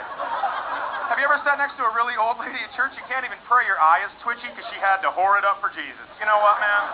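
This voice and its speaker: A high-pitched man working a stand-up set, brash and crude, snapping into shouted bursts. The live recording is dull and lo-fi, buried under loud noise. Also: quick pace. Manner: crude, brash punchlines with sudden shouted bits. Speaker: stand-up comedian.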